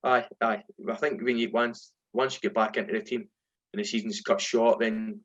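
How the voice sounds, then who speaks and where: Scottish ex-footballer telling stories. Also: male voice, on the low side, moderate pace, lo-fi sound. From Scotland. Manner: animated anecdotes, acts out voices in quotes. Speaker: former footballer, guest. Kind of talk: casual storytelling.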